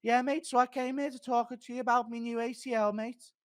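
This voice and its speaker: A squeaky pushy fighter. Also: male voice, steady tone, fairly quick, smooth. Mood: insistent. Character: brash young male English fighter, pushy.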